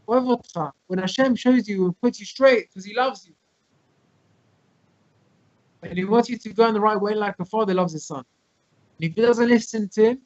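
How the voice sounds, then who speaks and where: Fast-talking man teaching over a video call. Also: high-pitched, dry recording. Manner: explains with everyday examples, quotes Hebrew texts quickly. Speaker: rabbi teaching a Torah class. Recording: muffled, dry video call audio.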